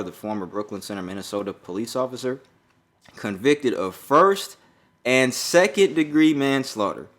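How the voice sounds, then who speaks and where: A deep-voiced American man, low in pitch for a man, co-hosting a laid-back podcast. He rambles easily through the news with plenty of ums and uhs, in an unhurried, conversational way. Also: a bit bright. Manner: loose, rambling delivery with many fillers. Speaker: podcast co-host. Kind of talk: casual podcast chat.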